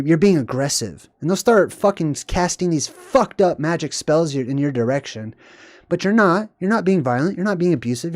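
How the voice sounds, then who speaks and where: A man's voice: on the high side, darkish tone, no room sound, studio quality. A man hosting a casual commentary vlog, ranting to viewers in an irritated, conversational way and swearing freely. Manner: conversational, talks straight to viewers. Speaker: host.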